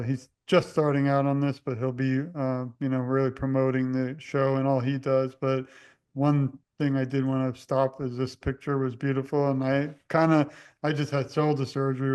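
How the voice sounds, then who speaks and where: A young man hosting a casual interview, rambling and halting with many fillers. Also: mid-range voice, a little mellow, smooth. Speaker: host.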